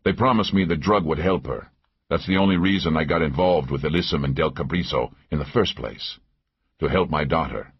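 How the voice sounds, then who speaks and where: A man's voice: rumbling low, brisk, slight background noise. A man voicing a desperate, guilt-ridden middle-aged father who confesses in a strained way. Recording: dull lo-fi audio.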